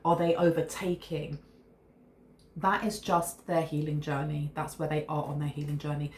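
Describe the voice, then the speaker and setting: A woman's voice: low-pitched, little pitch movement, moderate pace. A woman giving a casual, rambling tarot reading, often restarting her words. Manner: chatty, rambling, restarts mid-word. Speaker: tarot reader. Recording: echoey room with faint noise.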